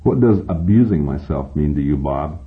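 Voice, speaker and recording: A man lends his voice to a patient robot psychoanalyst who speaks softly and probes with calm questions. The voice sits very low. It comes through thin and tinny, like a phone line. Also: normal speed. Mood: probing. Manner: calm, soft-spoken, probing. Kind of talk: audiobook reading.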